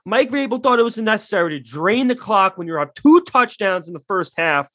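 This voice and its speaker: A man's voice: sits high, big pitch swings, brisk, sharp tone, no room sound. A man ranting bluntly in casual sports talk, swearing freely and getting heated. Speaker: podcast co-host.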